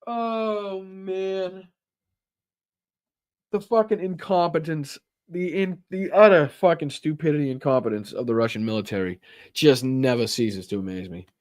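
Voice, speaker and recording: A man's voice: medium pitch, brisk, a little mellow, no room sound. A man with a Boston accent hosting a live political commentary stream, reading news aloud with sarcastic, profane asides. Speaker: political talk show host.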